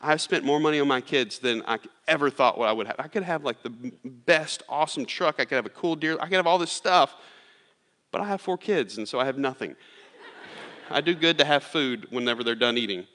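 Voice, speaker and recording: A pastor delivers a sermon in a loose, chatty storytelling manner, full of fillers and restarts. His voice has a bright, forceful edge. It rings out with a long reverb, as in a large sanctuary. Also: mid-range voice, a little fast. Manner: casual, storytelling with lots of fillers. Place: church sanctuary.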